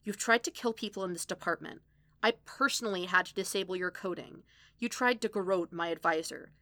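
A relentless scientist woman, read by a woman, laying out facts in firm, clipped sentences. Her voice is bright, recorded close and dry. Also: fairly low pitch, fairly quick, no room sound, lightly acted. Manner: firm, clipped, matter-of-fact.

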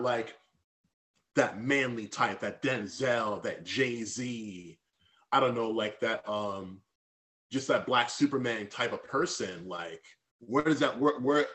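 A man's voice: medium pitch, slow pace, a bit bright. A man as a podcast guest, speaking candidly and reflectively about personal feelings, with many fillers and restarts.

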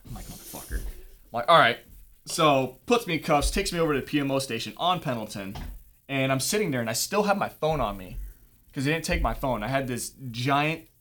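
A man's voice: mid-range voice, lively intonation, fairly quick, fairly bright tone. Young man, casual storyteller, profane and laid-back. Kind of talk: casual anecdote.

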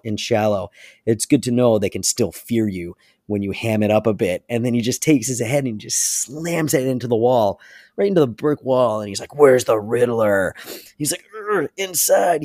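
A man's voice: lowish voice, dry recording, clean studio sound. A man co-hosting a podcast, animatedly retelling a story in casual chat. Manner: animated retelling with frequent laughs. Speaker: podcast co-host.

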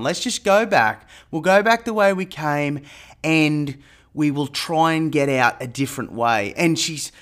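A man tells a personal story in a loose, conversational monologue. His voice sits a little higher than most men's, and he leans into the retelling, pushing louder when he re-enacts the tense moments. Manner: animated retelling, rising loud when quoting panic. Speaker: airline pilot and marketer.

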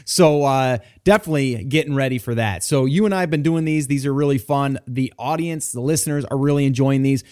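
A man's voice: mid-range voice, brisk, few pauses, darkish tone. A man hosting a podcast, talking in an enthusiastic, rambling way with lots of fillers. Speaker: podcast host. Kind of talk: casual podcast chat.

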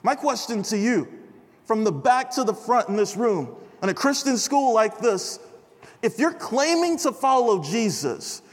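A young man delivers a casual, story-driven sermon to a large chapel crowd, leaning on dude and bro as he talks. His voice sits high, and a long hall reverb trails behind every phrase. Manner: chatty, animated, says bro and dude. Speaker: chapel speaker. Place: large chapel before an audience.

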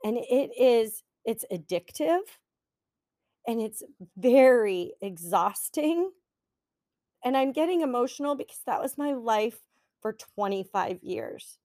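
Middle-aged woman, coach-host. Earnest, encouraging, unhurried delivery in a dry room. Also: fairly high pitch, animated, dark tone, no room sound. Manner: earnest, encouraging, slow and heartfelt. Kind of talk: reflective solo podcast talk.

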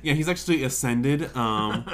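A man's voice: mid-range voice, moderate pace. A young man from Kansas co-hosting a podcast, chatting casually with loose jokes, swearing and rambling tangents. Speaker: podcast co-host. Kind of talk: casual chat.

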